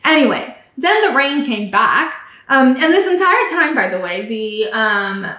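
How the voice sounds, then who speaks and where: A woman's voice: high voice, sing-song, a little slow, bright, forceful tone. A young woman hosting a podcast, recapping a race in a chatty, casual way full of ums and likes. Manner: chatty, lots of ums and likes, quotes radio calls. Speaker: podcast host. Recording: echoey room.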